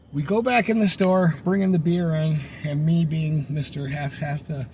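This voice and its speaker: A middle-aged man rambles through a casual, joking story and slips into voices for the people in it. His voice sits a little high for a man. A faint hiss of noise runs under the recording. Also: steady tone, normal speed, hardly any pauses, a little mellow. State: sunburned. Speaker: vlogger telling a personal story.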